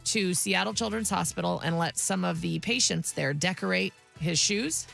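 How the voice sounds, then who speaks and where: Gravelly, bright woman co-hosting radio. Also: on the low side, normal speed, soft background music. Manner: chatty, upbeat storytelling. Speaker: sports radio co-host. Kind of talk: casual radio banter. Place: radio studio. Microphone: studio mic.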